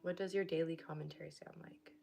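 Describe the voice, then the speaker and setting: A woman's voice: low-pitched, very animated, vocal fry, darkish tone, a little hiss or hum. A young woman casually reading a book aloud, breaking off to chat and laugh now and then. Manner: reads haltingly, stops to chat and laugh.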